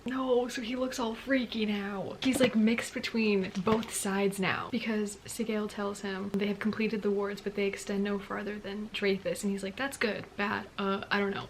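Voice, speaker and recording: Woman, mid-pitched voice, book reaction vlog: gushing, exclaims a lot, hushes for read-out passages. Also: flat delivery, normal speed, hardly any pauses, slight background noise. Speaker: book vlogger. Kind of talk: excited book reading reaction.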